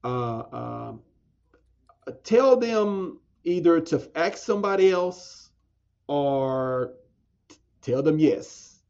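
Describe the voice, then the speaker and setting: A man, a podcast guest telling a story in a casual interview, animated, stammering and restarting, acting out quoted voices. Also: a little high, very slow, vocal fry, pauses often. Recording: dull lo-fi sound, faint music.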